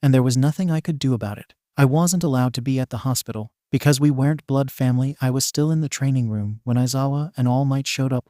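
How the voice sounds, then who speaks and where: A man reading a fan fiction story aloud in the first person, in a flat, even voice that barely changes for the other characters. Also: mid-range voice, no echo, studio quality. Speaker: narrator.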